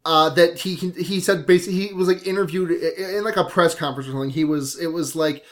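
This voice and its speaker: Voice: medium pitch, steady tone, fast talker, hardly any pauses. A young co-host rambles through news items on a casual podcast. The speech keeps stumbling over false starts before getting to the point. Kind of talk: casual chat.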